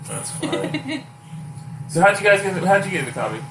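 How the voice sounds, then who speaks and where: A man's voice: high-pitched, fast talker. A man hosting a casual podcast, telling stories with lots of laughter and acted-out quotes. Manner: animated storyteller, laughs often, quotes people in raised voices. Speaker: podcast host. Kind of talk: casual chat and storytelling. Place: house, indoors. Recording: echoey room, mic far off, noisy background.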